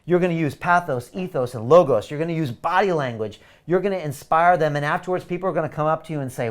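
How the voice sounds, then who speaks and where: A middle-aged man hosts a live webinar, giving an energetic, pushy sales pitch packed with repeated catchphrases. He talks quickly and barely pauses.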